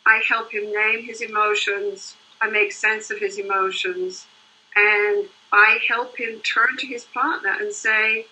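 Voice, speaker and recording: A woman's voice: mid-range voice, fairly even intonation, unhurried, sharp tone, poor audio. An older woman, a couples therapist, explaining her work in earnest, flowing interview answers. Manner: earnest, explains in long flowing runs with "you know" and "right?".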